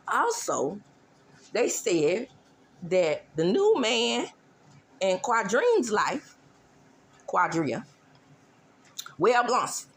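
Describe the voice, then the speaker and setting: Sassy woman dishing reality-TV gossip. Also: mid-range voice. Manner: sassy, drawling, mock-mimicking. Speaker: gossip show host. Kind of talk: casual celebrity gossip commentary.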